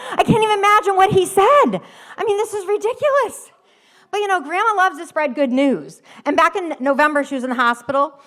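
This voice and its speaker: Brief: woman doing live comic storytelling, lively and high, laughs at her own lines. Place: theater stage.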